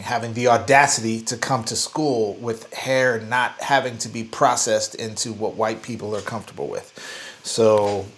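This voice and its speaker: A man co-hosts a relaxed podcast, his voice sitting at an ordinary middle pitch. He thinks out loud, hedging and circling with plenty of fillers as he makes his points. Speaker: podcast co-host. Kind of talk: casual podcast chat.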